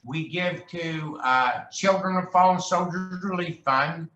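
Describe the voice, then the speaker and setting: A man's voice: on the high side, a little slow, pushed and bright, dull audio. A man telling rambling, jokey stories as a guest, slipping into voices when he quotes people. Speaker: guest, charity ride founder. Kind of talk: casual storytelling chat. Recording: echoey room.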